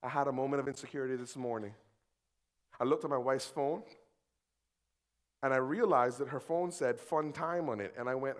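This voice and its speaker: A young adult man preaching as a pastor, moving between quiet reflection and loud excited bursts. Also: medium pitch, moderate pace, long pauses. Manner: animated, swings from quiet to shouting. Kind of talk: sermon. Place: church hall.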